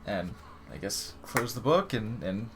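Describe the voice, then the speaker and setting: A man's voice: lowish voice, expressive, measured pace, music in the background. A man narrating as game master of a tabletop game, rambling with many restarts and laughs.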